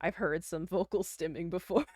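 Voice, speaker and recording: A woman's voice: on the low side, normal speed, a little mellow, no room sound, clean studio sound. A young woman from Canada chatting casually on a livestream, rambling with lots of fillers and little laughs. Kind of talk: casual chat.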